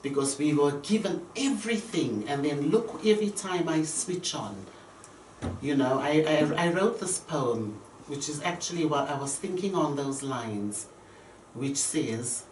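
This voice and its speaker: A woman's voice: deep voice, big pitch swings, measured pace, darkish tone, a little hiss or hum. A woman guest poet speaking earnestly and reflectively in a casual radio chat. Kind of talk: casual chat, reciting poetry. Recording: roomy, distant, faint ambience.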